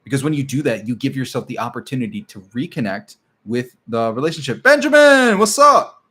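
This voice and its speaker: A man's voice: medium pitch, quick pace, slightly rough. Emphatic man hosting a live stream. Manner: animated and emphatic, drops to a soft tender tone when acting out a partner. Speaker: live stream host and relationship coach. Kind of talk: casual live stream talk.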